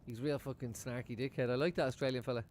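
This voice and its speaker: A man's voice: medium pitch, fairly even intonation, fast, a little mellow, a little hiss or hum. A man chatting casually at home while he watches a football match live for his stream, swearing freely and laughing often. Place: room at home.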